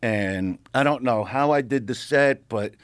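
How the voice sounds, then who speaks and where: A middle-aged man, a comedian telling a profane, animated story on a podcast. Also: mid-range voice, measured pace, no room sound. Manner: animated, profane, acts out quotes. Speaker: comedian guest.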